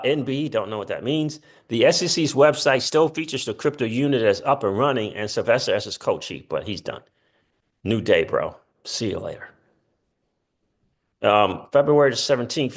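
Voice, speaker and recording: Male channel host, casual, reads headlines with offhand asides, mid-pitched voice. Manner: chatty, reads quotes aloud with asides. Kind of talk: casual commentary reading news posts.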